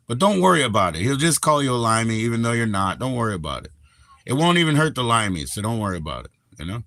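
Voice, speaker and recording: A man's voice: medium pitch, big pitch swings, fast, pushed and bright, no room sound. Laid-back male streamer, rambling slangy chat, dry close sound. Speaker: live streamer. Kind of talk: casual live-stream chat.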